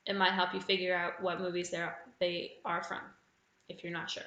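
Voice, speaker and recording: A woman's voice: on the low side, level tone, sharp tone, roomy sound, low-quality recording. Australian woman hosting a pub quiz. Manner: reads clues slowly and repeats them. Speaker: quiz host.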